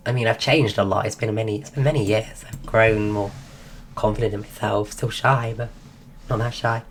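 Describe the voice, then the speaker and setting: A woman hosting a livestream, telling a story casually and breaking off to greet viewers, acting out quotes in a higher voice. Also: fairly even intonation, moderate pace, a little hiss or hum. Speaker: livestream host.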